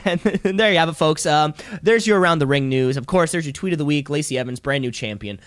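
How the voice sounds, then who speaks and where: A man's voice: a little high, quick pace, no echo, clean studio sound. A man co-hosting a podcast in casual chat, joking and swearing as he riffs. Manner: animated, joking, swears, slips into mock voices. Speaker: podcast co-host.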